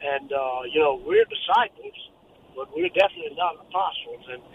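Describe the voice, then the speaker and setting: A man's voice: on the high side, wildly swooping pitch, fairly quick, creaky, narrow, tinny audio. A man from Mississippi, calling into a radio show while traveling, talking in a rambling, folksy, hesitant way. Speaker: caller. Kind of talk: phone-in call. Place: in a vehicle. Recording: faint noise, caller phoning while traveling.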